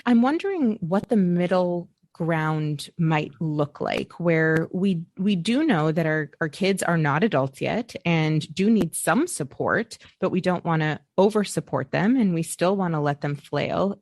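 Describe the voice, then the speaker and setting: A woman hosting a podcast interview, asking measured, thoughtful questions. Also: on the low side, animated, a little mellow, no echo, clean studio sound. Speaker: podcast host.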